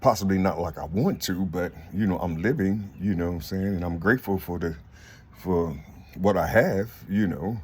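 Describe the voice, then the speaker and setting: A man's voice: sits low, moderate pace, slight background noise. A man in his fifties talking to his viewers in a rambling monologue, peppered with "you see", fillers and restarts. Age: 50s. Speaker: vlogger. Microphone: phone.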